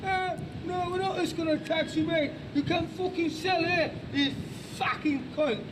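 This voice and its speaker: Guy doing a cockney thug, higher than his own voice, swearing and shouting, far from the mic with loud traffic behind. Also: fairly even intonation, measured pace, a crowd in the background. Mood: threatening. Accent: Cockney, exaggerated. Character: menacing Cockney street thug threatening a rival.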